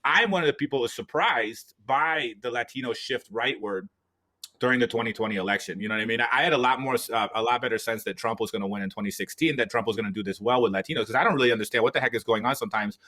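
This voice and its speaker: A man from the US East Coast co-hosting a political podcast, animated in casual talk and acting out people's voices in his stories. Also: medium pitch, fast. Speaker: podcast co-host.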